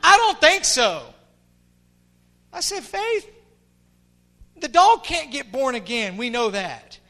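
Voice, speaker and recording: A middle-aged male pastor preaches with fervor, his voice sitting unusually high for a man. His tone is bright and forceful, sinking to near-whispers before climbing to shouts. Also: sing-song, unhurried. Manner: impassioned, swinging from hushed to shouting. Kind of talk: sermon.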